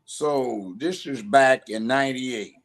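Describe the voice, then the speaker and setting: A man in his seventies from Los Angeles, United States, speaks slowly at a medium pitch as a guest in a conversational interview. He's an emphatic storyteller who acts out voices as he tells his stories.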